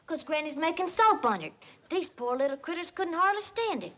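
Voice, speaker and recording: An actress playing a sweet young country girl who talks plainly in a soft rural drawl. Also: very high voice, sing-song, a little fast, a little hiss or hum, exaggerated voice. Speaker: Ellie Mae, hillbilly daughter.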